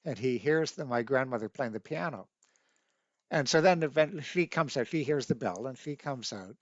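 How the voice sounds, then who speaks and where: A man's voice: mid-range voice, lively intonation, moderate pace, dry recording. An older man from Canada, an instructor, tells family stories for an online course in a rambling, conversational way and corrects himself as he goes. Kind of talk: personal storytelling for an online course. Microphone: webcam. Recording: dull dry webcam audio.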